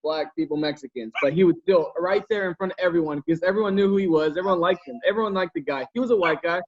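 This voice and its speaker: A man's voice: sits high, fast. A man hosting a podcast over a video call, telling a story in a rambling, profane way with lots of fillers. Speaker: podcast host. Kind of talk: casual storytelling chat. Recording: dull lo-fi video call audio.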